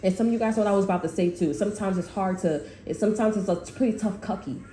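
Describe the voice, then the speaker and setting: A woman's voice: mid-range voice, very fast, warm tone, slight background noise. A woman tarot reader in a casual, rambling spiritual monologue, blunt and full of swearing. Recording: echoey room.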